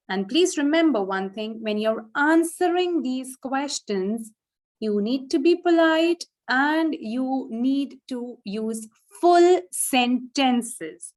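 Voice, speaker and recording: A woman's voice: sits high, animated, slow pace, a little mellow. A woman from India, teaching an IELTS speaking lesson in a patient, explanatory way and often asking "right?". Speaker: English teacher.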